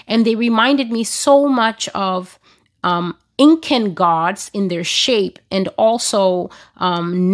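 An earnest woman describes visions she says she received, in the manner of a spoken prophecy blog. Her voice sits in an ordinary middle pitch. She talks deliberately and occasionally halts to restart a phrase. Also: fairly bright tone. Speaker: prophecy blogger.

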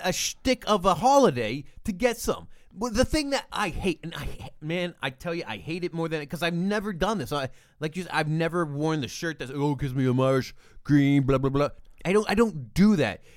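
A man's voice: high voice, lively intonation, moderate pace, hardly any pauses, no room sound, studio quality. A man from the United States in casual podcast chat, opinionated and sarcastic, griping with gusto. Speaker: podcast co-host.

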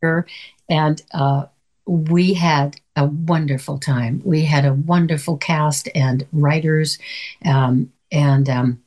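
An older woman from Canada, an actress guest chatting in an interview and telling lively stories with quoted voices. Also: sits low. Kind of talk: conversational interview.

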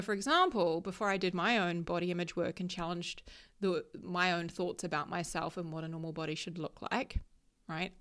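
A woman's voice: on the low side, a bit bright. A woman in her thirties giving a motivational talk about solo travel, emphatic and coaching, often checking in with "right?".

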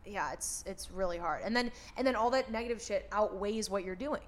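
A woman's voice: medium pitch, brisk. A young woman in her twenties chatting candidly on a podcast, swearing freely and restarting her sentences. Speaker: podcast host. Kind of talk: casual podcast chat.

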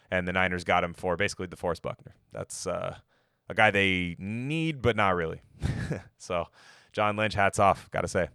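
In clean studio sound with a dry recording, a man with a low, smooth, fairly bright voice offers casual sports talk as an NFL mock draft podcaster. His football draft opinions come out loose, profane, and rambling.

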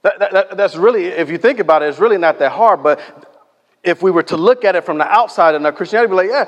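Man, preacher, sermon, conversational storytelling, fairly high voice, long hall echo. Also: expressive, fast, dull audio. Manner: conversational, storytelling, acts out quotes. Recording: echoey hall reverb.

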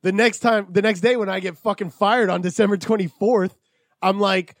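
A man with a high voice tells a story in casual podcast chat, swearing freely and acting out what people said. The sound is dry and close, with no room to it. He sounds like a man in his thirties. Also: moderate pace, no echo. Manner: profane, animated, acts out quotes. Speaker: podcast co-host.

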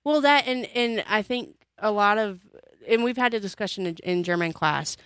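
A woman's voice: medium pitch, moderate pace, no room sound. An American woman chatting casually, telling stories with lots of fillers. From United States. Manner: chatty, animated storytelling with many fillers. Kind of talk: casual chat.

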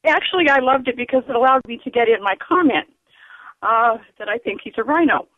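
A woman calling in to a radio show, speaking earnestly and emphatically, with many fillers and pauses. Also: fairly high pitch, lively intonation, no room sound. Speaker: caller. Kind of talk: call-in radio comment. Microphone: telephone. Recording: tinny phone line.

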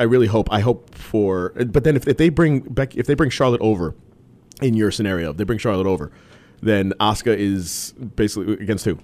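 A man's voice: fairly low pitch, a little mellow. A man co-hosting a casual talk show, rambling with many restarts and fillers. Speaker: podcast co-host. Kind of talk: casual wrestling chat.

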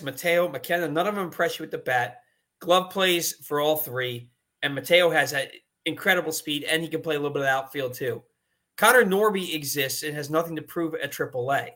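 Man, bright forceful voice, fairly high, emphatic exasperated sports rant, podcast co-host. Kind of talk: casual sports chat.

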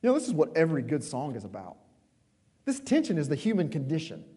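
A man's voice: fairly high pitch, huge pitch swings, quick pace, slightly rough. Man preaching in a reverberant hall. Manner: conversational, emphatic preaching with sudden quiet drops. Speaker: pastor. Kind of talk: sermon.

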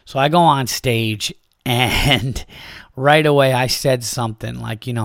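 A man who is a stand-up comedian and podcast host, telling a club story in a casual, profane, animated way and acting out the back-and-forth. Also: mid-range voice, moderate pace, no room sound, studio quality. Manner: profane, animated retelling with quoted exchanges.

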